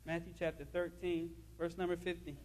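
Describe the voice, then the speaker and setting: A man's voice: a little high, level tone, moderate pace, a little mellow, a little hiss or hum. A male pastor preaching a fervent sermon in a church, repeating his phrases and reading scripture aloud. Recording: long hall reverb.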